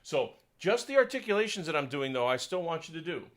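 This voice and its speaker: A man working as a choir conductor, coaching a section through a piece, counting in and singing parts, sometimes in falsetto. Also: very animated, fast, fairly bright tone, low-quality recording. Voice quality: sings in falsetto. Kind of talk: choral coaching lesson.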